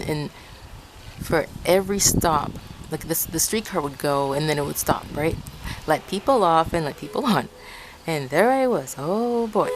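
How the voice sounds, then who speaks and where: A woman's voice: low voice, slight background noise, poor audio. A woman from Ecuador telling a personal story to her viewers in a rambling, repetitive way, often calling out to them. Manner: rambling, repeats herself, often addresses viewers as guys. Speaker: vlogger.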